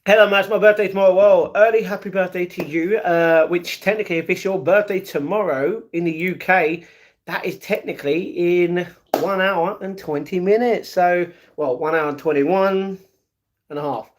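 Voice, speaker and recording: A young man with a British accent and a notably high speaking voice for a man, hosting a casual live stream. He chats loosely with his viewers, greets them one by one, and slips into playful improvised rhymes. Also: normal speed, slight background noise. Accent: British English. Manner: chatty, greets chat viewers by name; playful, breaks into improvised rap.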